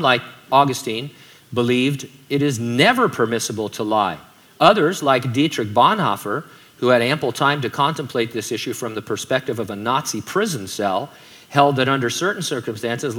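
A man delivers a sermon in a bright, forward voice. He keeps it conversational and breaks in with joking asides, at a medium pitch. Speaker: pastor.

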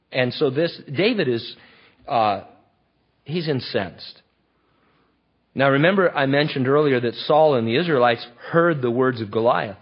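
A man preaching a sermon in an animated, conversational, emphatic way. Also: mid-range voice, unhurried, long pauses, breathy edge. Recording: dull lo-fi recording.

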